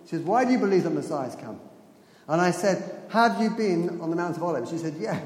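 A man delivers a sermon in a lively storytelling manner, stopping now and then to laugh at his own asides. His voice sits high for a man. It rings out through a large hall with a long, echoing reverb. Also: a little fast. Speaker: preacher.

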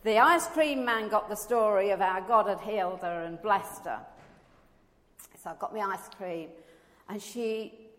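A woman's voice: medium pitch, measured pace, a bit bright. A woman telling a personal faith testimony in a chatty way, acting out the voices of the people in her story. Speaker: churchgoer giving a testimony. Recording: long echoey reverb.

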